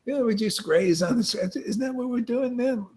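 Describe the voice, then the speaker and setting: A man's voice: very high voice, normal speed, darkish tone, slightly rough. A man teaching a meditation session in a loose, joking way, often tossing in "man" and "you know" and laughing at his own jokes. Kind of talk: casual spiritual talk on a livestream.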